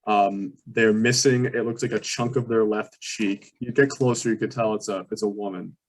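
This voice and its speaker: A man's voice: on the low side, steady tone, normal speed. A man narrating as game master of a tabletop game, describing scenes with many fillers and restarts.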